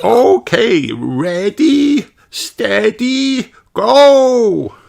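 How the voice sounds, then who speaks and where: A man's voice: high voice, huge pitch swings, slow pace, gravelly, a bit bright, slightly rough, voice pushed up, exaggerated voice. A man voicing a cheerful older gazelle schoolteacher in a storybook, announcing in a sing-song way. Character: cheerful elderly woman teacher, a gazelle. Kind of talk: storybook read-aloud.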